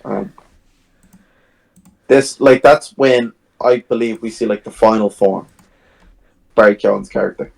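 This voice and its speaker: A man with a low voice and a gravelly edge to it talks through a film's plot on a podcast. He retells the plot in casual chat and slips into the characters' lines as he goes. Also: unhurried, pauses often, rough recording. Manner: animated retelling, acts out scenes. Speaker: podcast co-host. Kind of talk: casual film discussion.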